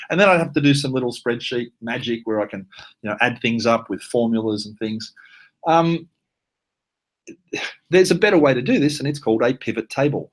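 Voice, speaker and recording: A man with an Australian accent presenting a live online software workshop, talking casually with plenty of fillers and asides. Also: mid-range voice. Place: at his computer, live webinar.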